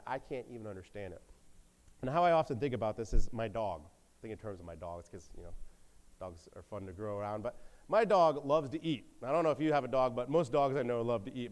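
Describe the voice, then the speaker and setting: A man's voice: medium pitch, darkish tone. A man in his thirties giving a sermon in a conversational, storytelling way, acting out the voices he quotes. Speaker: pastor.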